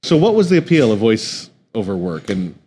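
A man's voice: fairly low pitch, sing-song, normal speed, warm tone, slightly rough. A man hosting an interview, asking friendly questions that often stop and restart. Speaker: interview host. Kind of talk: casual interview.

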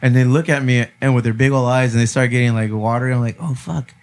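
Man, 30s, mid-pitched voice, blunt and profane, says bro a lot. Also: level tone, fast. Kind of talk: casual chat.

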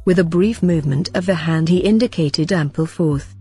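Husky low-voiced woman narrating. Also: normal speed, warm tone, faint music behind. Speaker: audiobook narrator. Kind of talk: scripted narration.

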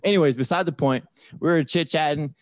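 A man's voice: fairly high pitch, a little fast, no room sound, studio quality. A man in his thirties, a podcast host, telling a story in casual chat and acting out the voices of the people in it. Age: 30s. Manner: animated retelling with voiced quotes.

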